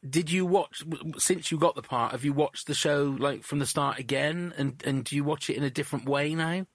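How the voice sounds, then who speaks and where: A man's voice: fairly high pitch, fairly quick, dry recording, clean studio sound. A man co-hosting a podcast, chatting casually and often stumbling over his words. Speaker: podcast co-host. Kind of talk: casual interview chat.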